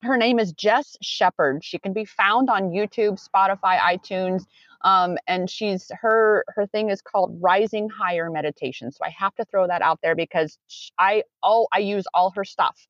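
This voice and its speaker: Her voice is mid-range and a bit bright, at a moderate pace, with no room sound in a dull lo-fi recording. This coach with clients talks earnestly and meanderingly in a conversational interview, correcting herself as she goes.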